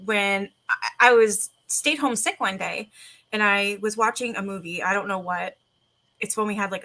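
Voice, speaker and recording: Bright-voiced woman telling stories casually. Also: mid-range voice. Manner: rambling, with many fillers and restarts. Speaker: livestream host. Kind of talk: casual storytelling to a live chat.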